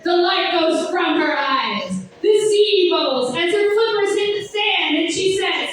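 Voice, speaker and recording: A young woman doing a stand-up comedy set with a sardonic, rambling delivery, breaking into sung and shouted bits. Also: very high-pitched, lively intonation, unhurried, hardly any pauses. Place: comedy club stage. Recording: echoey club from far off.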